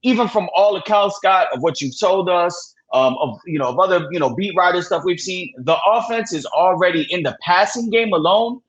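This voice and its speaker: A man co-hosting a casual sports podcast, talking in a relaxed way with lots of "you know". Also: high voice, normal speed, hardly any pauses. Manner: relaxed, repeats filler phrases. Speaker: podcast co-host. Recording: dull lo-fi sound.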